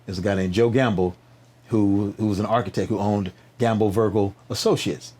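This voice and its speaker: A man, a podcast guest telling a story in a casual, animated way and tagging his points with "right?". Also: lowish voice, moderate pace. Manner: animated storyteller, frequent restarts and "right?" tags. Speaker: guest, nonprofit founder.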